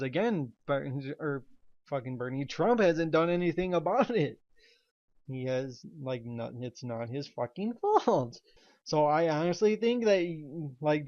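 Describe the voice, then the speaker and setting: A man's voice: on the high side, darkish tone. A man ranting as a commentary vlogger, swearing constantly and laughing between remarks. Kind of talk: angry profane rant. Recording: dull lo-fi recording.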